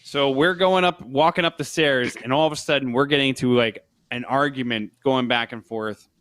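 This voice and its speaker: A man's voice: medium pitch, moderate pace, a bit bright, smooth, no room sound. A man co-hosting a podcast, telling a rambling story in casual chat, laughing as he goes. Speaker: podcast co-host.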